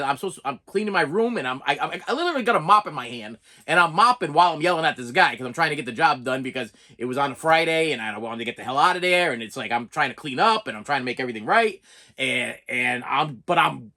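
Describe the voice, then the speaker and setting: A bright-voiced man rants through a storytime vlog, his pitch swinging widely as he repeats himself. He is exasperated and keeps checking in with "okay?" between his points. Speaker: vlogger. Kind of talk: storytime rant.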